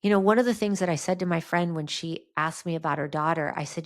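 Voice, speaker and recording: A woman's voice: deep voice, fast, few pauses. A middle-aged woman hosting a faith-based podcast, talking earnestly about trauma and healing through personal stories. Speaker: podcast host.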